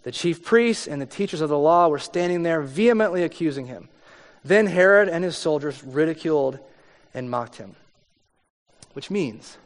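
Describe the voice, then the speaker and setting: A man preaching a conversational sermon, reading scripture and explaining it, sometimes acting out the people in the story. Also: fairly high pitch. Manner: conversational preaching, acts out voices with rising intensity. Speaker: pastor. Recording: long hall reverb.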